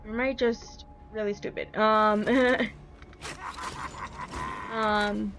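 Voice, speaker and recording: A woman's voice: medium pitch, fairly even intonation, very slow, fairly bright tone, soft background music. A woman streaming from home, flustered and apologetic, filling her talk with ums while she fixes her setup. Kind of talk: casual live-stream talk.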